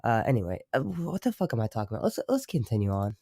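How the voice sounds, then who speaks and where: Young man from Baltimore, loose rambling streamer chat, mellow tone, dry close sound. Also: medium pitch, big pitch swings, fast talker, vocal fry, no echo. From Baltimore, United States. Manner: rambling, swearing, many fillers. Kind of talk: casual livestream chat.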